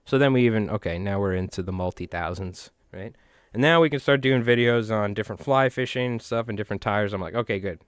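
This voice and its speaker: A man's voice: on the low side, fairly quick, few pauses, clear, resonant tone, no room sound, studio quality. A man with a New York accent who hosts a fly tying stream, chatting and joking with viewers in a rambling way. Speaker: fly tying channel host. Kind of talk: casual livestream chat while tying flies.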